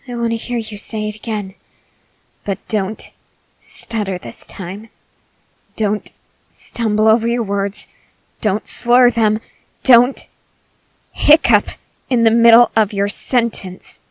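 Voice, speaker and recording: A woman voicing an arrogant, unhinged young male cult leader in a whispered role-play, slow and intense, swinging between whispers and sharp outbursts. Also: mid-range voice, dry recording, rough recording. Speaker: ASMR voice actor.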